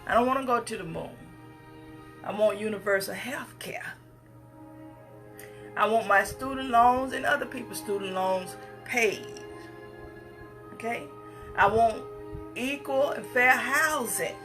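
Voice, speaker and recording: A woman in her 50s gives a passionate speech to the public over soft background music. Her voice is a little high, fairly bright, and a little slow, and her delivery is emphatic and repetitive with a preacher-like rhythm.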